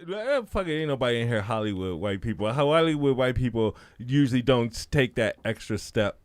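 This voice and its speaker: A man's voice: medium pitch, lively intonation, brisk, no echo, studio quality. A man from Chicago co-hosting a podcast in casual chat, rambling and profane, laughing often. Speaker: podcast co-host.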